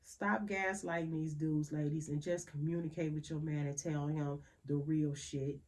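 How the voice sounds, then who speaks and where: A woman's voice: deep voice, normal speed, hardly any pauses, darkish tone. A young woman hosting a podcast in a frank, profane, laughing monologue. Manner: blunt, profane, laughing, emphatic repetitions. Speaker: podcast host.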